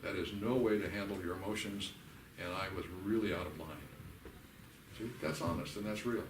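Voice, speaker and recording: An older man leading a church workshop. He teaches in a folksy, animated way and acts out the voices of the people he quotes. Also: lowish voice, brisk, noisy background. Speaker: workshop leader. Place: church hall. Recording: echoey hall recorded from a distance.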